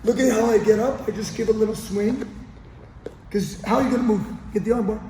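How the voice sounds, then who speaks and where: A man's voice: high voice, brisk, mellow, slight background noise. A man coaching grappling as he demonstrates a technique on the mats, often checking in with his partner as he goes. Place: training gym on the mats. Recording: echoey gym with long reverb.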